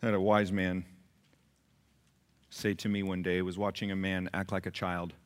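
A man's voice: flat delivery, moderate pace. Emphatic male pastor preaching. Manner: emphatic preaching, swings from loud peaks to low asides; repeats phrases for emphasis. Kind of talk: sermon.

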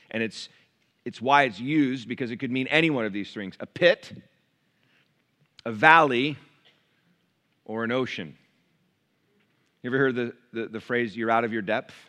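A man preaching a sermon to his church, shifting from quiet, close asides to loud, raised passages. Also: mid-range voice. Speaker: pastor. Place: church sanctuary.

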